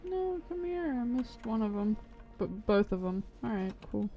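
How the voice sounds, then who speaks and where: A woman streams a video game, her fairly high, sing-song voice at a moderate pace and muffled beneath loud game music. Her casual gameplay commentary rambles, turns profane, and keeps cutting off mid-sentence.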